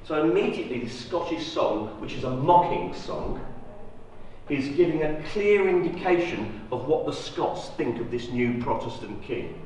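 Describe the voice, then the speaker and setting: A man giving a university lecture, lively and asking the audience rhetorical questions. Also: a little high, moderate pace, muffled recording, a little hiss or hum. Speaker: guest lecturer. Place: lecture hall. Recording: roomy echo, distant mic.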